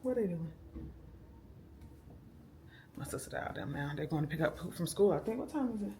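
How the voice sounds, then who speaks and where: Woman, young adult, casual vlog, slightly low voice, faint background noise. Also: animated, brisk, dark tone. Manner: chatty, laid-back, addresses viewers as y'all. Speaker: vlogger. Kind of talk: casual vlog chat to camera. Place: at home, indoors. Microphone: handheld camera.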